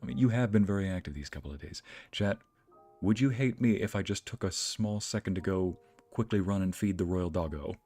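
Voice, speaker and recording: Low-voiced man chatting on a livestream. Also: a little fast, dark tone, slightly rough, soft background music. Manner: friendly, greets chat by name, playful exclamations. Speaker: streamer and narrator. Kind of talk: casual livestream chat. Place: home streaming setup.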